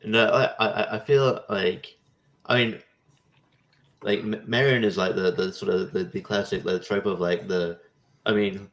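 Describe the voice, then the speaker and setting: A man in a casual movie podcast chat, halting and restarting often. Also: lowish voice, steady tone, fairly bright tone. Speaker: podcast co-host.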